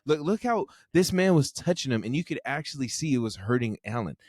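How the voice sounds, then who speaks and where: A man co-hosting a sports podcast in casual chat. His pitch sits mid-range and he throws in slang and repeated phrases. The room sounds dry and close, with no echo. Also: brisk, husky. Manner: animated, slangy trash talk with repeated phrases. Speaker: podcast co-host. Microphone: remote recording.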